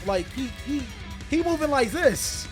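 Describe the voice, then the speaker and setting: A man telling a comedic childhood story in an animated, slangy way, talking straight to viewers. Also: very high-pitched, measured pace, faint music behind. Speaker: YouTuber storyteller.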